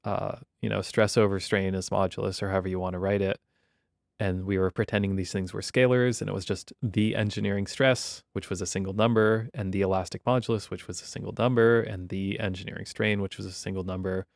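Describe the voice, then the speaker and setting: Male university lecturer, gravelly, relaxed and wry, dry close recording. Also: on the low side, brisk, dry recording. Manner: wry, conversational explaining.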